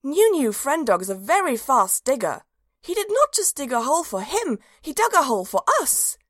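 A woman's voice: high voice, sing-song, moderate pace, fairly bright tone, no echo, clean studio sound, voice pushed up. A woman narrating a storybook in the voice of a cheerful, simple-minded little dog, earnest and childlike.

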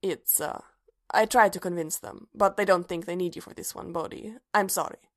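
A woman's voice: on the low side, moderate pace, natural voice. A woman reading aloud, voicing an uneasy, apologetic male officer who speaks hesitantly. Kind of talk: fan fiction reading.

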